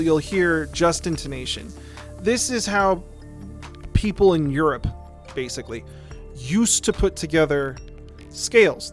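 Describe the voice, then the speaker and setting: A male streamer explaining music theory in a rambling, casual way while playing a game, often checking in with "right?". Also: on the high side. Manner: rambling, repeats words, says "right?" often.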